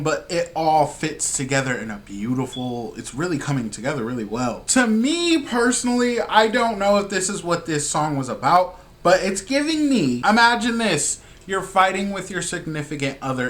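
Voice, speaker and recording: A man chats casually about songs he has just heard, gushing and slangy throughout. His voice sits a little high for a man, and his tone stays excitable. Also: moderate pace, few pauses. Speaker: music reaction host. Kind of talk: casual reaction commentary.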